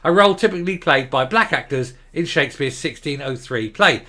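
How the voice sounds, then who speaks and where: A man's voice: fairly high pitch, expressive, brisk, pushed and bright. An older man hosting an opinion commentary show, talking in a sarcastic, combative and scornful way. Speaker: commentary host.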